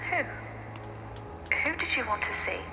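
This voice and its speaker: A caring wife speaks in a soft, high, patient voice, calming someone down. The game audio is roomy, with a long tail and a steady hiss behind it. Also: female voice, measured pace. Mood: soothing. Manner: soothing, patient, coaxing. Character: gentle caring wife calming her husband.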